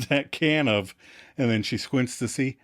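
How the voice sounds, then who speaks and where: A man co-hosting a casual podcast, recapping scenes and acting out the characters' lines in quick voices. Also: medium pitch, fairly bright tone. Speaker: podcast co-host recapping episodes.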